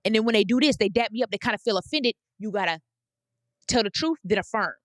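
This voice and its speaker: A woman's voice: medium pitch, animated, quick pace, no room sound. A woman in her thirties hosting a podcast, giving blunt, emphatic advice in a casual monologue and repeating phrases for weight. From United States. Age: 30s. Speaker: podcast host.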